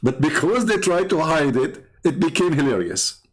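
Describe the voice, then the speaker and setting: A man's voice: fairly high pitch, sing-song, normal speed. Mocking man laughing through a monologue. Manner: laughs often, repeats phrases, mocking. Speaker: commentary host.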